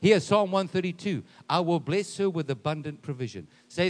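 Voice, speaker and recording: A male pastor preaching a sermon, reading scripture and leading the congregation in spoken declarations that build from quiet to loud, slow and emphatic. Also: on the high side, lively intonation. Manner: leads congregation in call-and-response declarations, slowing and rising to shouts.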